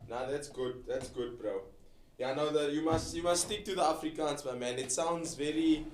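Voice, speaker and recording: A man's voice: fairly high pitch, moderate pace. Guy cohost, friendly and informal, echoey sound, light background noise. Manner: friendly, calls people bro. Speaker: co-host. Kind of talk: casual chat.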